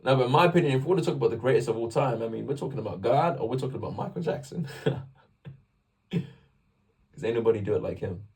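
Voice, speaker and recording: He speaks fast in a husky, medium-pitched voice, recorded from a distance. The young Englishman's vlog is a casual, animated ramble about faith, with sentences he keeps breaking off and beginning again.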